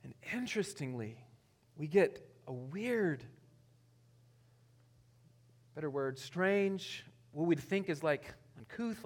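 High-voiced man preaching casually. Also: a little slow. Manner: casual, chuckling, self-interrupting with restarts; animated, swings between loud and quiet asides. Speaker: pastor. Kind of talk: conversational sermon.

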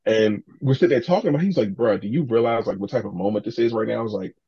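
A man, a podcast guest, telling animated stories in casual talk, acting out other people's lines and swearing freely. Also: fairly low pitch, fast talker, slightly rough, no echo, muffled recording. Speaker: podcast guest, sneaker collector. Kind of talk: casual storytelling.

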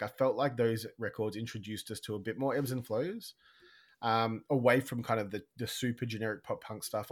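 A man co-hosting a music podcast in casual chat, talking fast with a slight lisp. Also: fairly low pitch. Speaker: podcast co-host.

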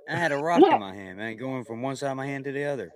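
A man's voice: mid-range voice, expressive, fast talker, crowd noise. A man co-hosting a podcast, talking in brash, slangy casual chat and arguing contrarian points.

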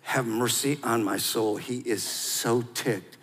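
A man preaching a sermon in a lively, conversational way, drawing the audience into call-and-response. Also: mid-range voice, takes it slowly, husky. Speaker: pastor. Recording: long hall reverb.

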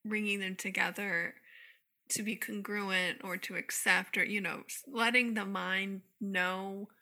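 A woman's voice: medium pitch, steady tone, unhurried, bright, forceful tone. A woman hosting a podcast, talking in a casual, reflective way as she searches for her words. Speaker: podcast host. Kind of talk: casual chat.

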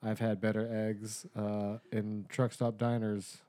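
A man's voice: on the low side, little pitch movement, unhurried, dark tone. A man in casual chat, joking and crude, with lots of "like" fillers.

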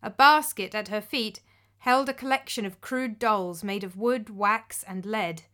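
Woman, story narrator, measured delivery, bright clear voice. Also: medium pitch.

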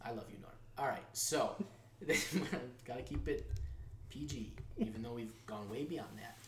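A man hosting a casual news-style show, jokey and animated, his voice jumping from loud outbursts to quiet asides. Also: medium pitch, unhurried, background noise. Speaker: show host. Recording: echoey room.

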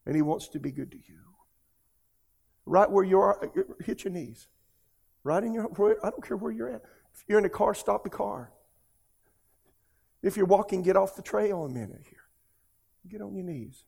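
A male pastor leads an earnest, pleading altar call. His voice sits a little high for a man, with a gravelly, husky texture. He speaks with heartfelt emotion throughout. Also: moderate pace, long pauses, darkish tone.

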